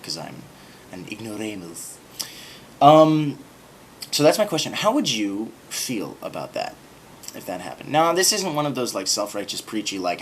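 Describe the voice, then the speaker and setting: A man with a slightly low voice rambles to camera in a sarcastic, self-mocking way, stumbling through ums and uhs. A faint hum sits under the recording. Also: creaky. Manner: rambling, sarcastic, full of filler words. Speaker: video blogger. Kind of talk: casual monologue to camera.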